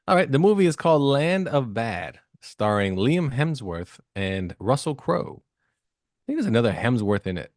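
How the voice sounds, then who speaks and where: A man's voice: medium pitch, very animated, normal speed, a little mellow, no echo, studio quality. A man hosting a podcast in casual chat, joking and rambling loosely. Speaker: podcast host.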